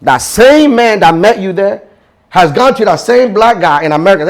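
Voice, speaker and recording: A man's voice: high-pitched, expressive, normal speed, creaky. A man from Ghana, a fashion entrepreneur, telling his story in an interview with passion and emphasis, acting out the voices he quotes.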